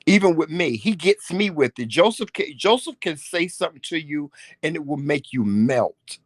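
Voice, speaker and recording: Man co-hosting a vlog with his husband. His voice sits a touch high and sounds close and dry. He tells stories in a lively, teasing way and swears freely. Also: moderate pace, no echo. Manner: animated, teasing storyteller; salty, profane. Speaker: vlog co-host. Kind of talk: casual couple chat.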